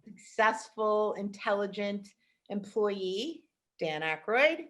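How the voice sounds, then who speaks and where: A woman hosting a podcast, chatting enthusiastically about films with quick asides. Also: medium pitch, lively intonation, fairly bright tone. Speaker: podcast host. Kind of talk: casual film chat.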